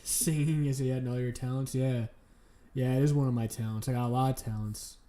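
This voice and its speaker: A man's voice: mid-range voice, steady tone, a little fast, mellow. A man streaming and chatting casually, crude and joking, laughing often as he rambles.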